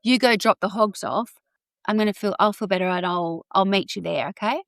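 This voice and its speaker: A woman's voice: medium pitch, fairly quick, vocal fry, no room sound, clean studio sound, natural voice. A woman voicing a defensive, insistent young woman while retelling a story. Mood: pleading.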